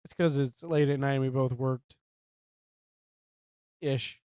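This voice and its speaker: A man's voice: medium pitch, fairly even intonation, takes it slowly, a little mellow, smooth, no room sound. A man co-hosting a movie podcast, joking and laughing a lot as he chats about the plot. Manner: laughs often, playful quips. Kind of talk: casual film recap chat.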